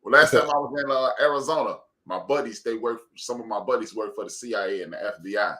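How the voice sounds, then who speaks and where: A man from Chicago hosts a live stream interview with a bright, forceful voice at a middle pitch. He is energetic and jokes often, with loud laughs. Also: fast talker. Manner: energetic, laughs loudly, joking. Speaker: host. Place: live stream video call.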